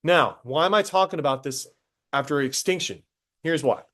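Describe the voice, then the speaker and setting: A man teaching a high school biology class, casual and talkative, stopping to quiz students directly. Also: moderate pace, fairly bright tone. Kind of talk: classroom lecture.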